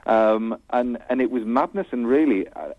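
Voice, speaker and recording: A man telling stories in a casual interview, animated and chatty, laughing often. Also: mid-range voice, moderate pace, no room sound, muffled recording. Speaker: guest, TV presenter.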